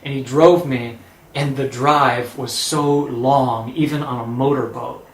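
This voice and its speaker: A man telling a personal story, lively and acting out the dialogue. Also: mid-range voice, unhurried, roomy sound, low-quality recording. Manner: animated, acts out quoted dialogue.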